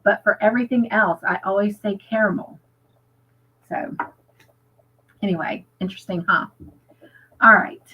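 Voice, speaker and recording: A woman's voice: mid-range voice, moderate pace, pauses often, breathy edge, muffled recording. An American woman hosting a casual livestream chat, upbeat and chatty, reading viewer comments aloud. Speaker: livestream host.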